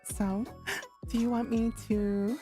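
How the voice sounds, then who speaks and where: Slow-talking playful woman streamer. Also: a little high, level tone, dark tone, soft background music. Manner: playful, self-mocking, laughs at herself. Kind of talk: casual livestream chat.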